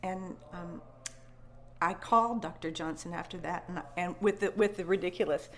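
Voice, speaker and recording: A woman's voice: fairly low pitch, moderate pace, slight background noise. A woman at a conference telling an eerie first-person story with emotion, repeating and restarting words and acting out her own thoughts. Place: conference venue.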